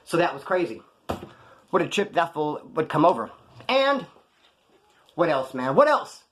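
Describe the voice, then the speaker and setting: A middle-aged man telling stories casually in street slang, animated, acting out the voices of people he quotes. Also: a little high, measured pace, slightly rough. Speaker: storyteller. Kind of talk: casual storytelling.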